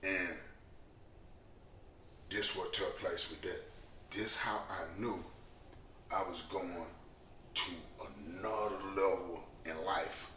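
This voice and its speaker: A man's voice: low-pitched, slow, long pauses, distant mic, a little hiss or hum. A man telling a profane story in a casual interview, acting out the other people's voices. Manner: animated, profane, acts out voices in his stories. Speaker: guest. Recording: echoey room, set back from the mic.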